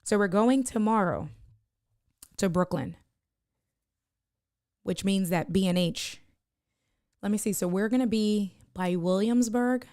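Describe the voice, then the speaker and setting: A woman streamer chatting live with her viewers, animated and teasing as she answers their comments. Her pitch sits in a middling range, and the recording is close and dry. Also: slow pace, pauses often, no echo. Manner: animated, joking with chat, reads out comments. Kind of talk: casual live-stream chat.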